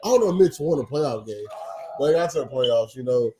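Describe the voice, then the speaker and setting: A man's voice: mid-range voice, animated, brisk, mellow, a little hiss or hum. A man hosting a livestream, giving opinionated casual sports commentary that rambles with frequent ums. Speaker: livestream host.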